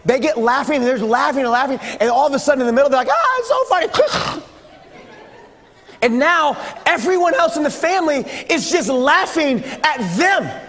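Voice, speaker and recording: A man's voice: very high voice, fairly quick, fairly bright tone, long reverb tail. A man preaching a sermon to a youth group, playful and joking as he acts out sounds. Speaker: pastor. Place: church sanctuary.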